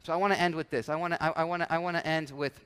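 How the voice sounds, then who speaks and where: A man's voice: fairly high pitch, fairly even intonation, rapid-fire, a bit bright, clean tone. A man, a pastor, preaching a conversational sermon with frequent restarts and acted-out asides. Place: church sanctuary. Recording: church hall with long reverb.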